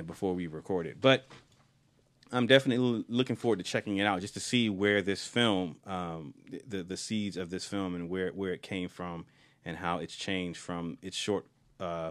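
Rambling, enthusiastic podcast co-host man. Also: low voice. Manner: rambling, enthusiastic, frequent fillers and restarts. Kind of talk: casual film podcast chat.

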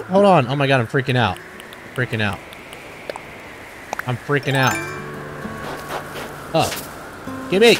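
A young man giving excitable, cursing let's-play commentary while thinking aloud. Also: mid-range voice, moderate pace, long pauses. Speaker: gaming channel host. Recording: game music behind.

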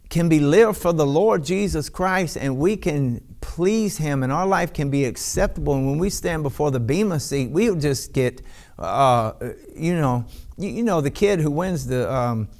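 A man preaching a sermon, speaking slowly with many restarts and breaking into ecstatic shouts of praise. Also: on the high side. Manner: bursts into ecstatic shouts and hallelujahs; slow, halting delivery with many restarts.

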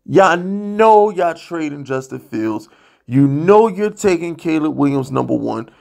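A man's voice: fairly high pitch, expressive, unhurried, vocal fry, a little mellow. A man ranting bluntly and profanely as a sports vlogger, exasperated and worked up. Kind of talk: heated sports rant.

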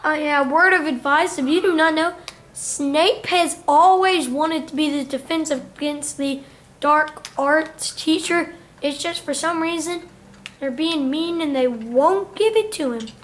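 High-pitched, slow-talking woman gaming. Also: a little hiss or hum. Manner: chatty, playful, sings and mutters to herself. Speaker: let's play gamer. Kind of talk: casual let's play commentary.

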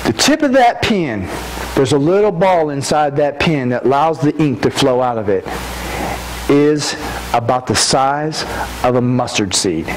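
A man preaching a sermon as pastor, fervent and emphatic, with loud bursts and restarts at the start of sentences. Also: medium pitch, lively intonation, unhurried, a little hiss or hum, poor audio. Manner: repeats words when starting a sentence.

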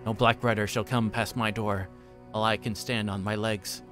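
A man's voice: lowish voice, level tone, normal speed, fairly bright tone, faint music behind, close to an everyday voice. A man voicing a fussy, anxious middle-aged male innkeeper who stammers, in a book reading. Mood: reassuring. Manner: flustered, stammering.

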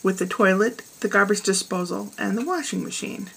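A woman's voice: mid-range voice, normal speed, creaky, fairly bright tone, breathy edge. A woman voicing a timid, put-upon housewife who asks hesitantly and pleadingly, in a told joke.

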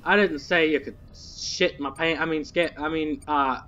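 Young male gamer, nervous, swears a lot, slightly high voice, unhurried delivery for a scared streamer. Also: fairly even intonation, bright, forceful tone, muffled recording, a little hiss or hum. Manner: jittery, swearing, muttering nervously to himself. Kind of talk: horror game commentary.

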